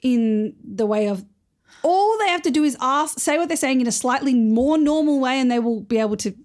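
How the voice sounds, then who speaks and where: A woman's voice: sits high, lively intonation, moderate pace, darkish tone. A woman co-hosting a podcast who retells TV scenes by acting out the characters' lines in casual chat. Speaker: podcast co-host.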